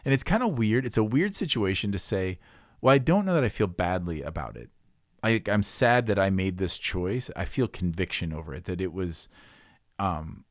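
A man talking through faith and confession in an unhurried conversation, reflective and full of small restarts. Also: sits low, animated, dry recording, studio quality. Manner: thoughtful, reflective, many restarts.

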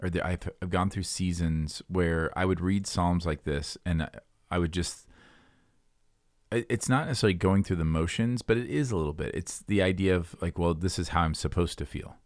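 Deep-voiced man musing on faith. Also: normal speed, no room sound, studio quality. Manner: earnest, rambling, many fillers and restarts. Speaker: co-host. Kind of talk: casual faith discussion.

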